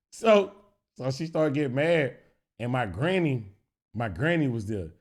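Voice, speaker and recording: A young man, telling a story on his stream. His voice sits a bit high for a man and swings between hushed asides and loud, laughing shouts. He talks with constant profanity and acts out the people in the story. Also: sing-song, slow pace, breathy edge. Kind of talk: animated storytelling.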